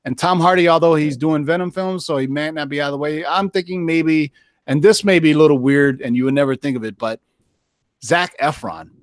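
A man's voice: a little high, fairly quick, no room sound, studio quality. A man chatting casually on a podcast, rambling and swearing freely with lots of filler words. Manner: rambling and profane, lots of "you know" fillers. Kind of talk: casual chat.

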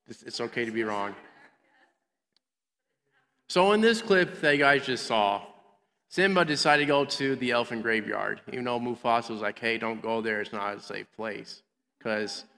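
A man's voice: mid-range voice, bright, forceful tone. Man teaching kids in a reverberant hall. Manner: playful, acts out characters in little voices. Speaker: children's minister. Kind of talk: kids' Bible lesson.

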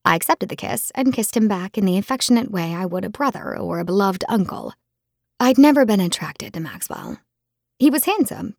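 A woman narrating a novel in the first person, with measured, intimate storytelling. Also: mid-range voice, a little mellow, breathy edge, no room sound, studio quality. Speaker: audiobook narrator.

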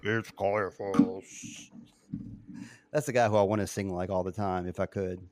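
A man's voice: low voice, fairly even intonation, fast, a little mellow, no echo. A man hosting a casual chat, playfully quizzing his co-hosts and laughing often. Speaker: podcast host quizzing co-hosts.

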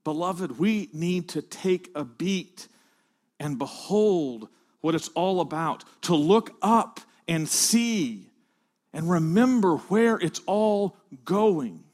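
High-voiced man preaching, slow and emphatic. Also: animated. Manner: builds to loud emphatic peaks, drops to hushed phrases. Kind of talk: sermon to pastors.

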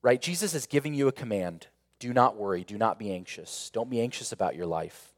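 A man pastor preaching a sermon, earnest, with rhetorical questions and repeated phrases, swelling to emphatic peaks and then falling quiet and intimate. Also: on the low side, animated, a little fast, big-room sound.

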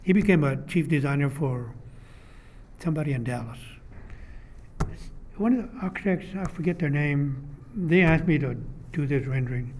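An older man, a retired architectural designer, being interviewed for an oral history and telling rambling, animated stories from his career. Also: on the high side, normal speed, slight background noise. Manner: rambling, animated storyteller who acts out quoted dialogue.

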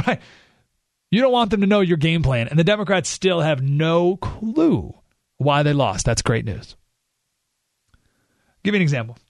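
A man hosting a political talk radio show, talking in an animated, sarcastic way. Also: a little high, normal speed, gravelly, long pauses, dry recording, clean studio sound. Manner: animated, sarcastic, acts out quoted voices.

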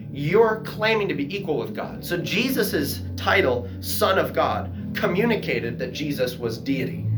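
A fairly high-voiced man leads a church Bible class, reading verses and then jumping in with excited asides. The room around him rings with echo, and faint music sits underneath. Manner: excitable, reads scripture aloud and bursts into exclamations. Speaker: Sunday school teacher.

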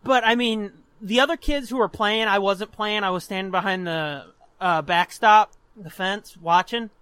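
A man co-hosting a podcast, telling crude stories in an animated way and laughing often. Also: sits high, normal speed, clear, resonant tone, dry recording. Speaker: podcast co-host. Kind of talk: casual chat, storytelling.

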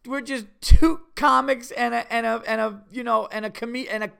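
A man's voice: very high-pitched, moderate pace, gravelly, clean tone. A man from New York hosting a podcast, telling a story casually and acting out the voices of people in it. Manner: animated, acts out voices in quotes. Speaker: podcast host.

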